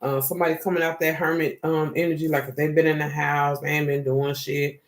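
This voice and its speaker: Guy doing a tarot reading, kinda high voice, cussing and rambling, aave slang. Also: fairly quick. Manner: profane, rambling, slangy and animated. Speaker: tarot reader. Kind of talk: casual tarot reading monologue.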